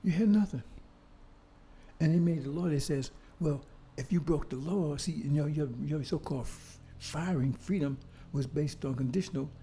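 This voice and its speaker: Gravelly older man preaching fiercely. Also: fairly high pitch, normal speed, dark tone, a little hiss or hum. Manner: fiery, repetitive, rhetorical questions, swears. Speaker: speaker on history. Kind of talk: impassioned street-style lecture.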